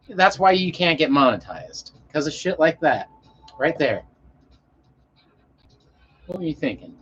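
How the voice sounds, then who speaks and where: Dude rambling slow on stream, swears a lot, kinda dull lo-fi audio w faint room hum. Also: male voice, mid-range voice, a bit bright. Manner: rambling, profane, easygoing. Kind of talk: casual live-stream chat.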